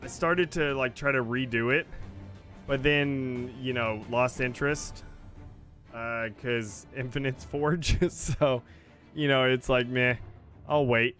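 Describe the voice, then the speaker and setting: Taking his time, a man hosts a relaxed gaming livestream, offering rambling commentary full of fillers and talking to his viewers. His mid-range voice is steady and fairly bright, and faint game music can be heard behind him.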